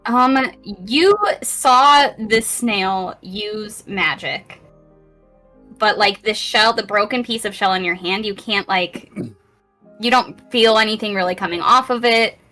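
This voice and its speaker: A woman running a tabletop game as game master, telling the scene with frequent laughs and a lively storyteller's manner. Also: medium pitch, slow pace, faint music behind.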